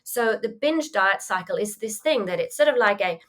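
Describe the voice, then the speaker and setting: A woman coach in mindfulness, appearing as a podcast guest, answers interview questions with a medium-pitched, expressive voice at a moderate pace. She is reflective and conversational, acting out inner voices in quotes and often saying "you know."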